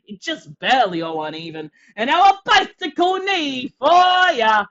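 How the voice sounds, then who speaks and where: Excitable play-by-play wrestling commentator. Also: high voice, measured pace, highs cut off. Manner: excitable, shouting on big moves.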